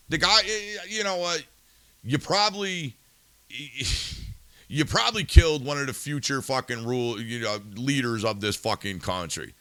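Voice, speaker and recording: A man's voice: fairly high pitch, very animated, moderate pace, sharp tone, dry recording. A male podcast host in a profane ranting monologue, angry and swearing, firing rhetorical questions and then turning subdued and somber.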